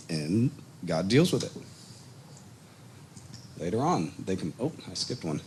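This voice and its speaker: A man leads a casual Bible study on a microphone, telling the story in an animated way. His voice sits low, with faint background hiss. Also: measured pace, pauses often. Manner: animated storytelling, acts out quotes, chuckles. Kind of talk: casual teaching. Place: congregation meeting room. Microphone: microphone on a PA system.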